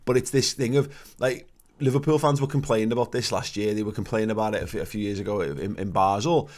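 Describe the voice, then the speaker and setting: A man's voice: lowish voice, fast talker, darkish tone. Swearing man in his thirties. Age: 30s. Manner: ranting, swearing, many restarts. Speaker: podcast co-host. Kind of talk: casual chat.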